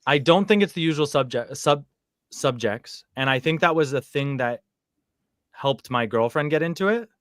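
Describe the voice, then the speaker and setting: A man's voice: fairly high pitch, lively intonation, moderate pace, fairly bright tone, no room sound. Guy rambling on a podcast, lots of "like" and restarts, dry close sound. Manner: rambling, many fillers and restarts. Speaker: guest living in Japan. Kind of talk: casual podcast chat.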